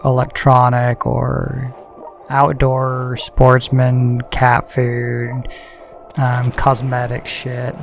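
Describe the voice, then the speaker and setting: A man talks over a strategy game he is playing, ranting and swearing freely. His voice sits at an ordinary middle pitch, and soft game music plays underneath. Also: vocal fry. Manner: heated, ranting, heavy swearing. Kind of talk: gaming commentary with a profane rant.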